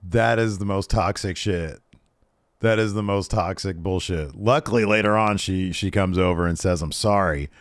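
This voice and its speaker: A man's voice: low-pitched, normal speed, no echo, studio quality. A man co-hosting a podcast, recapping wrestling in casual chat with joking, exasperated asides. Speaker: podcast co-host.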